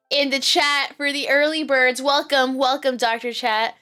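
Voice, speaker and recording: Bright, high-voiced giggly woman streamer. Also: moderate pace, hardly any pauses, smooth. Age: 20s. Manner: playful, giggly and goofy, swears freely. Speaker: live streamer. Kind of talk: casual live-stream chat.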